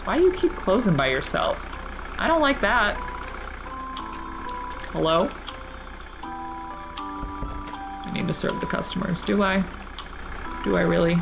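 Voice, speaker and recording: A woman hosting a gaming channel, reacting nervously out loud and talking to the characters as she plays. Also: medium pitch, sing-song, takes it slowly, creaky, long pauses. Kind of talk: let's play commentary. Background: game music.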